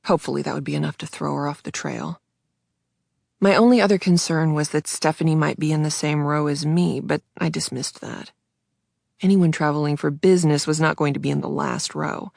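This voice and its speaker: A woman reading a first-person thriller audiobook in a hushed, tense voice, close to the mic. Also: deep voice, creaky, no echo. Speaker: audiobook narrator.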